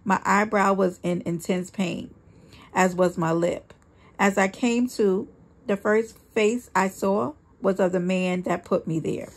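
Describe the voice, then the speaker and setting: A woman's voice: medium pitch, steady tone, a little slow. A woman reading a first-person memoir aloud, with a dramatic, earnest storytelling manner. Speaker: audiobook reader.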